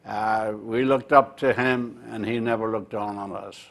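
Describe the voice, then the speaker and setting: An older man with an Irish accent, recalling his seafaring youth in an interview and pausing often with "uh". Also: fairly low pitch, steady tone, creaky, a bit bright. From Ireland. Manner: measured, with frequent "uh" pauses. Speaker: interview guest. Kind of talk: reminiscing in a local TV interview.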